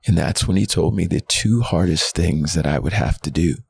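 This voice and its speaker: Very deep, gravelly-voiced man. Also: moderate pace, slight background noise. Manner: earnest, heartfelt storytelling. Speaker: guest pastor. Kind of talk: candid personal testimony.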